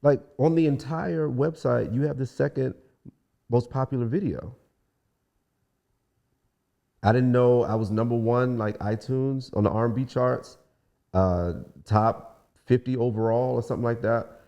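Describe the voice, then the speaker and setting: A man's voice: mid-range voice, a little slow, gravelly, pauses often. A young man from Washington DC, a guest singer, telling stories in a casual podcast interview and acting out the people he quotes. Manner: relaxed storyteller, acts out quoted voices.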